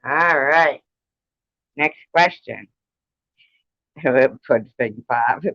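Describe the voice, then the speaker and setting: A man hosts a laid-back trivia stream at home alongside a cat, keeping score and ribbing the players chattily. He draws out his words in a sharp, mid-range voice, with no echo on the dull, dry lo-fi audio.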